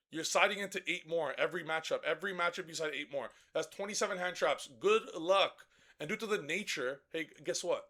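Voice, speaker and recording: A brash man rants through a card game deck guide, swearing freely and getting louder as he gets worked up. His voice sits high and has a bright, forceful edge. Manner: profane, brash and excitable, shouting at times. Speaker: card game content creator.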